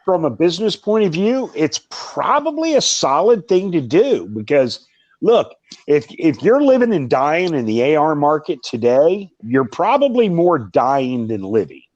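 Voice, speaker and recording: Lively, agreeable male co-host. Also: on the high side, highs cut off. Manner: agreeable, quick interjections. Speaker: podcast co-host. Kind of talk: casual chat.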